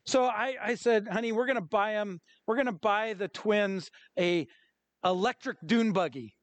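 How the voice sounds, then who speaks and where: A middle-aged man, a pastor, preaching a sermon with lively acted-out quotes and stories. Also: sits high, normal speed, dry recording.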